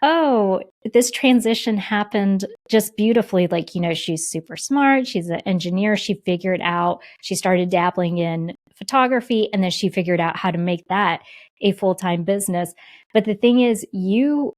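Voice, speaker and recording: A woman co-hosting a podcast in casual conversation, chatty and quick to laugh, often retelling what others said. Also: on the low side. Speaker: podcast co-host.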